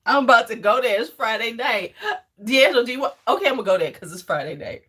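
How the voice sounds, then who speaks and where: Woman host, casual livestream rambler, lively up-and-down delivery, slightly husky. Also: on the high side, brisk. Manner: rambling, laughs often, chats with viewers.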